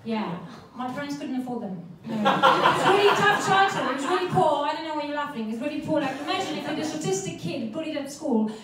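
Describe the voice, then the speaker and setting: Lady doing standup, foul-mouthed and self-mocking, high voice, off-mic with loud room noise. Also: animated, brisk, few pauses. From Poland. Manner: brash, profane, self-mocking. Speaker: stand-up comedian. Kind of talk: stand-up comedy set. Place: comedy club stage. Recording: echoey club room, far from mic, audience laughter.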